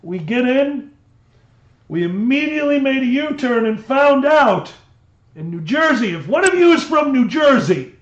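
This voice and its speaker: A man's voice: extremely high pitch, measured pace. Man, livestream co-host, storytelling, dull lo-fi sound, echoey. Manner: animated storytelling. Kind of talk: casual chat. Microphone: desk microphone.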